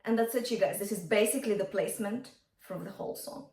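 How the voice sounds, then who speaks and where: A woman's voice: medium pitch, fast, darkish tone, echoey room, distant mic. A woman vocal coach teaching a singing lesson, encouraging her students and breaking into sung examples.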